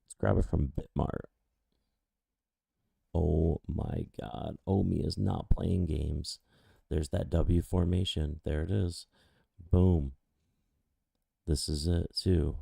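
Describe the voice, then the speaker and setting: Excitable male chart streamer, slow deep delivery, dry close sound. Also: vocal fry, breathy edge, no echo. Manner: excitable, exclaiming, pleading with the chart. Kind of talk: excited live chart commentary.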